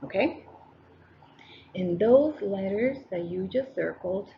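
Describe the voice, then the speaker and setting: This recorded classroom lesson features a woman teacher addressing her students up close on the mic, repeating every step and cheering them on. She has a medium-pitched, expressive voice with vocal fry and a slow pace, heard through a muffled recording with a little hiss or hum.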